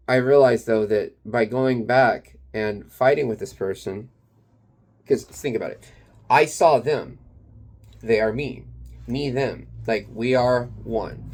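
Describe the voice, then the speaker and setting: Guy with a gravelly voice, rambling through a personal story, lots of uh and like. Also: mid-range voice, a little mellow. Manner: rambling and confessional, full of fillers and swearing. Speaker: kratom vendor and channel owner.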